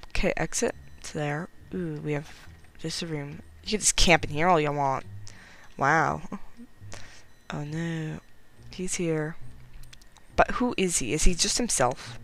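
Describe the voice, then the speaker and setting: Speaking slowly with long pauses, a gameplay commentator offers casual let's-play talk. They're chatty and giggly, mock themself, and grow nervous when danger comes close. The mid-range voice is fairly bright, but the audio is poor.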